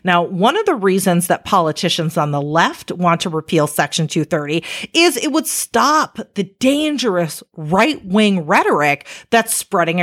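A woman's voice: medium pitch, a bit bright. A woman giving casual explanatory commentary, conversational and emphatic, with rhetorical asides to the listener.

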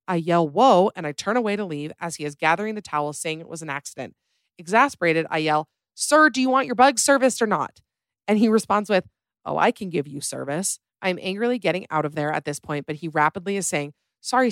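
A young adult woman hosting a podcast, reading listener stories aloud with animated, chatty commentary. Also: on the low side, dry recording, studio quality. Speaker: podcast host.

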